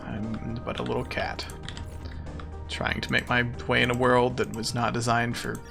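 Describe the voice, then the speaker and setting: A man's voice: mid-range voice, vocal fry, pushed and bright. A man streaming a game as a VTuber, chatting casually with his viewers in a playful, self-mocking, jokey way.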